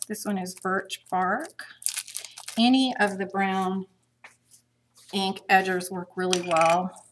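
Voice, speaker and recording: A woman's voice: mid-range voice, steady tone, slow, a little hiss or hum. A middle-aged woman chatting her way through a live craft demonstration, thinking aloud as she works.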